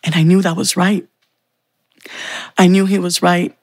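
A woman sharing a heartfelt personal faith testimony, telling her story slowly with pauses. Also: on the low side, level tone, darkish tone, no room sound.

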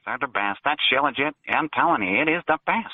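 A man's voice: medium pitch, animated, a little fast, dry recording, close to an everyday voice. A man putting on a fake cartoonish voice as a prank caller on a call-in show. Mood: boastful. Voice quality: cartoonish, like a Looney Tunes character. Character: sneering cartoonish adult male caller. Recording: tinny phone line.

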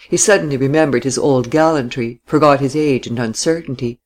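A man narrating a novel in a steady, even reading voice. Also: mid-range voice, fairly quick, few pauses. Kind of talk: audiobook reading.

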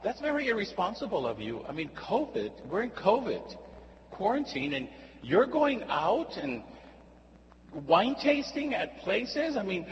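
A high, needling voice of a male classmate who can't believe what he's hearing and keeps lecturing, as a preaching man puts him on. The tone is reproachful and insistent. It rings through a long, dull hall reverb with a faint hum underneath. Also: big pitch swings, brisk, hardly any pauses. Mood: scolding. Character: incredulous scolding male classmate on the phone.

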